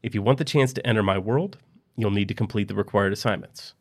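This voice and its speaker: A stern, measured male teacher giving firm instructions to a class, as a man puts him on. His voice sits a little low. He is patient but clipped, with an edge of exasperation. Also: a little mellow.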